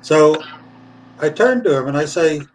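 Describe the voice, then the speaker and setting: A man's voice: fairly high pitch, a little slow, distant mic, a little hiss or hum, rough recording. Man telling stories with acted voices. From England. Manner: lively storyteller, acts out voices, laughs often. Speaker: puppeteer guest. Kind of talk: animated anecdote telling.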